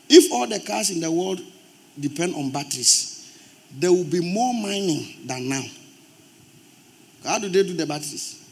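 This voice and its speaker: A man with a Ghanaian accent preaching a sermon in church, forceful and emphatic, rising to loud outbursts. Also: high voice, lively intonation, moderate pace, gravelly, long pauses. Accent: Ghanaian English. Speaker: pastor.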